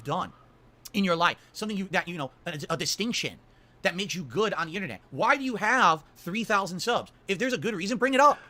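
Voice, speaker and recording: A man ranting on a livestream in a scornful, loud and profane way. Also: sits high, animated, brisk. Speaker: streamer being reacted to. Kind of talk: ranting commentary.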